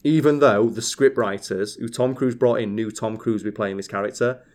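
A man's voice: on the low side, normal speed. Ranting man, casual podcast chat. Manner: animated, swearing, ranting storyteller. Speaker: podcast co-host.

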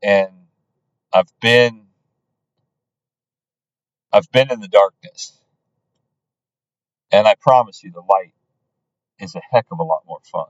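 A man's voice: fairly low pitch, dry recording, highs cut off. A man hosting a podcast, telling his own story in an earnest way, often stumbling and restarting his sentences. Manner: earnest, halting with many restarts. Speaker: podcast host.

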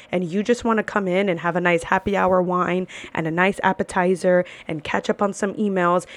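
A woman's voice: mid-range voice, no echo. Female podcast host, blunt and profane, ranting casually, mid-range voice, dry recording. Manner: blunt, swears freely, repeats for emphasis.

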